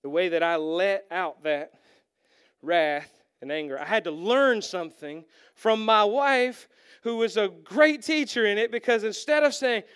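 High, smooth-voiced male preacher. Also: unhurried. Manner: animated, acts out quotes, self-deprecating humor. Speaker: pastor. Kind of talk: sermon.

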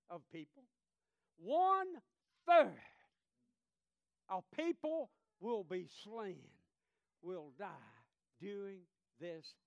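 High-voiced, slow-preaching man. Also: smooth, dry recording, studio quality. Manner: impassioned, swinging from hushed to loud; reads scripture aloud in King James wording. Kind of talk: sermon.

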